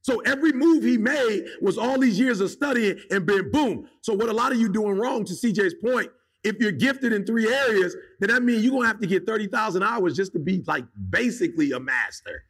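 Gravelly high-voiced motivational speaker man. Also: expressive, brisk, fairly bright tone. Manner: emphatic, fires rhetorical questions, casual slangy street talk. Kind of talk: motivational talk to an audience.

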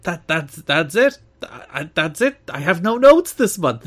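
A man's voice: high voice, animated, a little slow, hardly any pauses. Rambling sarcastic man on a podcast. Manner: rambling, sarcastic, laughs often. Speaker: podcast co-host. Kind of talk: casual podcast chat.

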